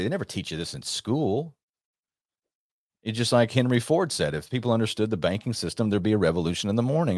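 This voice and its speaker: Man, radio host, deep voice, dry studio sound, emphatic, restarts often. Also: darkish tone, dry recording. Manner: emphatic, rambling, with frequent restarts. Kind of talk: monologue commentary.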